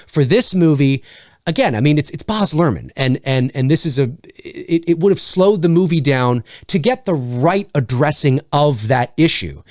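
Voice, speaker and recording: A man's voice: medium pitch, a little mellow, no echo, clean studio sound. A man from Canada giving a casual, profane film review monologue, acting out imagined critics as he goes.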